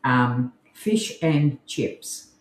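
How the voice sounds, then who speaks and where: Aussie woman cohosting a podcast, low voice, slow and rambly, echoey room. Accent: Australian. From Australia. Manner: chatty, rambling, laughs often. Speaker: co-host. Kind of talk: casual podcast chat.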